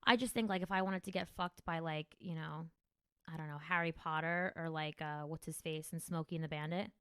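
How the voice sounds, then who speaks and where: Woman comic from Jersey, lowish voice, dry close mic, rambling and profane. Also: brisk, clear, resonant tone, no room sound. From New Jersey. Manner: profane, rambling, animated storytelling. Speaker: comedian podcast host. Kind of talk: casual podcast chat.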